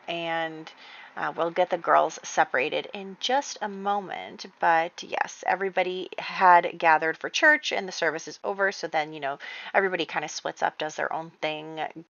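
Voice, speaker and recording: A woman's voice: on the low side, fairly bright tone, dry recording, lo-fi sound. A woman narrating a life-sim game in a chatty, casual storytelling way, full of fillers. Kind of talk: casual let's-play storytelling.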